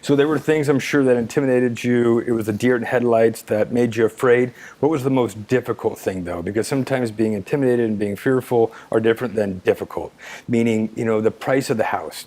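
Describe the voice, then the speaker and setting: Guy interviewing a guest, keeps saying i love it and yeah, middle pitch. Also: fairly quick, a little mellow. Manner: encouraging, frequent short affirmations. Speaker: interviewer, host. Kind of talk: interview conversation.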